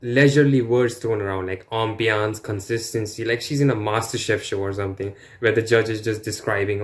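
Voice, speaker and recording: A man with a slightly low voice talks loosely over a video he is reacting to. He rambles, piles up fillers and drops crude asides as he goes. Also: fairly even intonation, a little fast. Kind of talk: casual reaction commentary.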